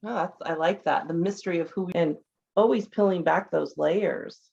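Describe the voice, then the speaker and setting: Low gravelly woman host, lo-fi audio. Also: moderate pace, darkish tone. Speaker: podcast host. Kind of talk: conversational podcast interview.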